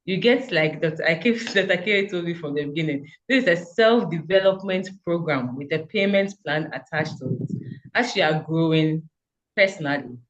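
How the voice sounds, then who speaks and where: A woman's voice: sits low, animated, moderate pace, dull audio. A woman giving a fervent, encouraging testimonial about her community, speaking over a video call. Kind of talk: earnest motivational speech.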